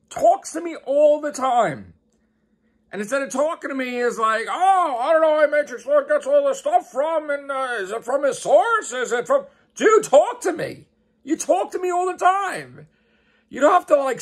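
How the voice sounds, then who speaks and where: A man who hosts a YouTube channel and podcast, giving an exasperated, profane rant and repeating his questions. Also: very high voice. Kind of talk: angry ranting vlog.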